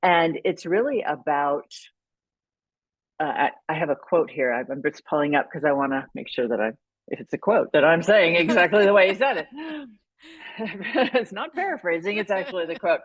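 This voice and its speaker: A woman's voice: fairly low pitch, animated, normal speed, no echo, muffled recording. A woman guest on a podcast interview, explaining her ideas thoughtfully and often restarting her sentences. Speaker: podcast guest, leadership consultant. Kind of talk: conversational interview.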